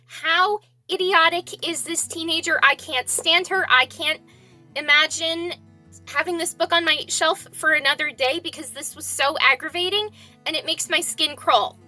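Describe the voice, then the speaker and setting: Woman book vlogger, high and crisp, blunt, opinionated. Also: normal speed, pushed and bright, soft background music. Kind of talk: casual book review vlog.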